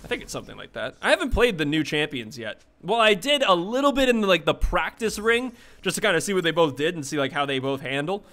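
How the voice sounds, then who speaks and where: A man giving chatty live commentary on his own gameplay, excitable and quick to swear at teammates. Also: fairly high pitch. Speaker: gaming streamer.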